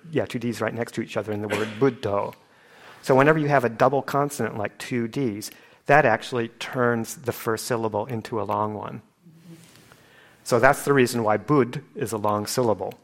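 A man explaining Pali chanting and pronunciation in an informal class, speaking patiently with fillers and light chuckles as he acts out sounds. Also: mid-range voice.

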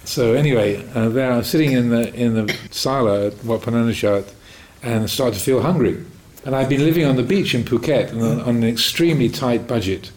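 Speaking fairly quickly with hardly any pauses, this mid-range male voice belongs to a Buddhist meditation teacher fielding a question in a Dhamma talk. He shares reflective stories calmly and pokes mild fun at himself. The recording quality is low.

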